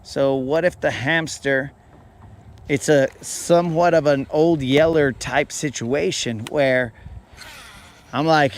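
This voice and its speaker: A man hosting a fishing show rambles through a playful, made-up story in casual slang. His voice sits a little high for a man and stays loose and chatty. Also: steady tone, takes it slowly. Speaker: fishing podcast host.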